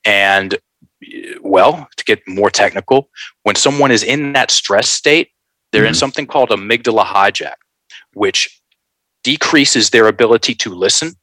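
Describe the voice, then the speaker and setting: Man, low voice, forceful bright tone, dry close sound, animated folksy storyteller. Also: moderate pace, no room sound, rough recording. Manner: lively, folksy, addresses listeners as folks. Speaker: guest.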